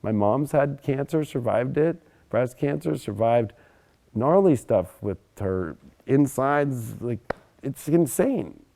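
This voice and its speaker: A young adult man giving a casual, animated astrology monologue, emphatic and often swearing. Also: mid-range voice, slow pace, gravelly. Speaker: astrology presenter.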